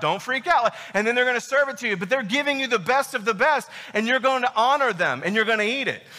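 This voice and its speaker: A man's voice: very high-pitched, pushed and bright, big-room sound. A man preaching a sermon as pastor, emphatic and emotional, full of rhetorical questions.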